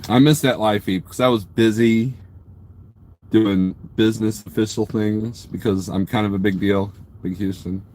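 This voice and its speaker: In a fairly low, darkish voice with mostly level intonation, a trucker streams live from his truck at a truck stop. He moves at a moderate pace, rambling and ribbing viewers over their comments, with a faint hiss or hum present.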